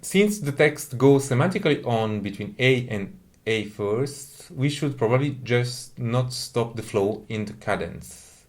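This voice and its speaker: Guy lecturing on music, talks real slow and careful, mid-pitched voice. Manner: careful, measured, methodical explaining. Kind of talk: explanatory lecture.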